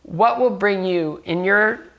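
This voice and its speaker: An upbeat man with a gravelly edge to his voice, chatting as a dinner guest. He tells stories with energy, plays out both sides of conversations, and laughs easily. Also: high voice, slow, a crowd in the background. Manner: animated storyteller, acts out dialogue. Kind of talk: casual dinner-table conversation.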